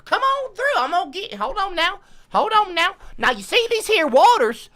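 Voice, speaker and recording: A woman's voice: extremely high pitch, very animated, moderate pace, a bit bright, pitched above the performer's own voice, exaggerated voice. A woman voicing a folksy male swamp tour guide with a drawl and salesy welcoming patter.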